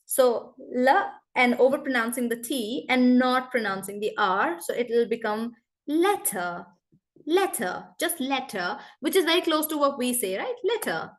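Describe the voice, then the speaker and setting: A woman teaching English in an online class over a video call, brisk and chatty, calling on students by name. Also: on the high side.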